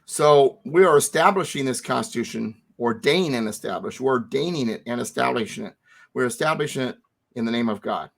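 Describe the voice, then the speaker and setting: A man teaching a founding text to a co-host, emphatic and lively, repeating words for stress. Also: mid-range voice, fairly quick, gravelly.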